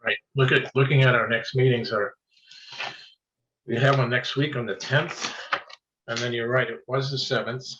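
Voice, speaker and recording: A man chairing a remote board meeting, thinking aloud in halting, restarting phrases. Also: medium pitch, fairly even intonation, a bit bright, slight background noise. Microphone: video call. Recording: dull lo-fi remote meeting audio.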